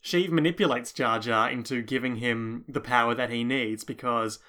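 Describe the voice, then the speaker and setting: A man's voice: medium pitch, sharp tone. A man co-hosting a podcast in casual chat, wry and opinionated. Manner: fast, wry and opinionated, laughs often. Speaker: podcast co-host.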